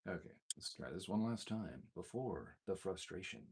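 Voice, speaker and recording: A man's voice: low voice, expressive, moderate pace, a little mellow, a little hiss or hum. A man casually testing a guitar effects pedal, muttering to himself as he fiddles and making mildly exasperated asides. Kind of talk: casual gear demo, thinking aloud.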